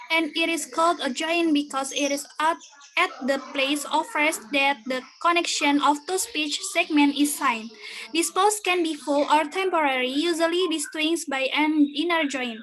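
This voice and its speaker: Female student presenter, high pitch, steady read of lecture notes. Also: slight background noise, poor audio. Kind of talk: reading a class presentation.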